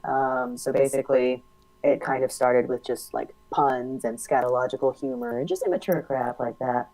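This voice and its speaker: A woman co-hosting a casual podcast chat, animated and quick to laugh, with a slightly hollow timbre, talking into a studio mic. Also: rumbling low, gravelly, rough recording. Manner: animated talk with a big laugh. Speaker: podcast co-host.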